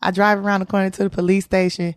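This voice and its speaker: A woman's voice: mid-range voice, level tone, quick pace, clean tone, dry recording, clean studio sound. A woman, a comedian guest, telling a candid story in an interview with slangy, profane speech and frequent laughter.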